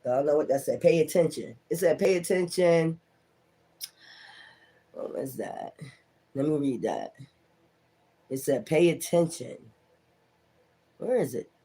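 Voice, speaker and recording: Speaking at a medium pitch with an expressive, dark tone, this male tarot reader keeps things casual. He addresses viewers directly, laughs and curses often, and voices their imagined thoughts in rapid asides.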